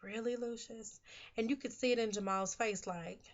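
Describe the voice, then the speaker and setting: A woman's voice: fairly high pitch, steady tone, normal speed, lo-fi sound. A woman giving a casual, opinionated recap of a TV episode, talking chattily and saying "you know" often. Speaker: TV episode reviewer.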